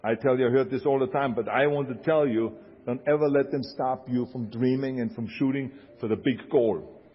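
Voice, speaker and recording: A man's voice: medium pitch, steady tone, moderate pace. An older man from Austria with an Austrian German accent gives an emphatic motivational speech and repeats lines for effect. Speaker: motivational speaker. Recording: dull lo-fi speech over music. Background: music bed.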